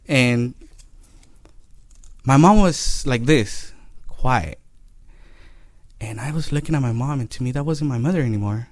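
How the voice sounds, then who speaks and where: A man giving a personal testimony about his past, speaking earnestly and haltingly, with frequent pauses and fillers. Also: medium pitch, dry recording. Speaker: storyteller sharing his life story.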